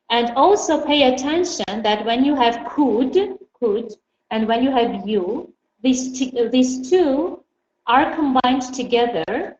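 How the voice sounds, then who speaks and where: A woman whose first language is Armenian, teaching an online English class and patiently repeating model phrases slowly. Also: a little high, a little mellow. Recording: roomy, dull lo-fi audio with faint hiss.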